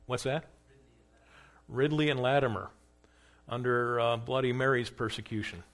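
A man teaching a class on church history in an easy conversational way. His pitch sits in the middle of the usual range. He stops to quiz the room and acts out the quotes he reads. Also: normal speed, fairly bright tone. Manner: conversational, acts out quoted dialogue with rising emphasis; asks questions of a class.

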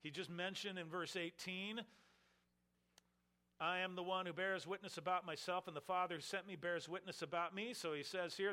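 A man's voice: fairly high pitch, clean tone. A man preaching an expository sermon, acting out the questioners' mocking lines as he explains the text. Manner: animated, acts out the questioners with mocking voices. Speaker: pastor.

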